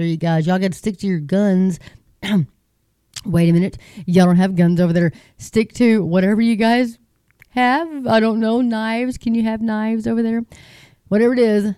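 Recorded in clean studio quality without echo, this Christian video host from Texas has a medium-pitched, dark voice and a Texan accent. The middle-aged woman chats casually and rambles as she reads news and cheers on her faithful audience.

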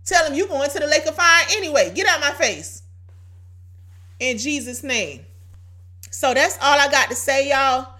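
Brief: high-voiced woman preacher, exhorting, hoarse. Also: moderate pace, sharp tone. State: voice going hoarse. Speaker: podcast preacher. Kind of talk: informal sermon.

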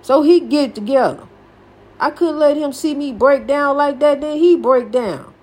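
A woman's voice: high-pitched, moderate pace, a little mellow. An older woman hosting a podcast, giving a folksy, preachy motivational talk and repeating her phrases for emphasis. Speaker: podcast host.

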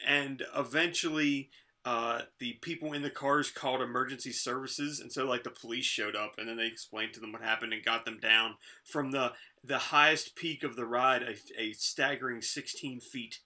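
Regular guy cohosting a podcast, mid-pitch voice, rambly stories, laughs a lot. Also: fairly even intonation, moderate pace, pushed and bright. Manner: rambling storyteller, laughs often. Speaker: podcast co-host. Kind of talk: casual podcast chat.

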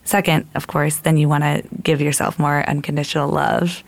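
A woman's voice: low voice, flat delivery, normal speed, no echo. A woman giving earnest advice in casual talk, laying it out in numbered steps and acting out inner voices.

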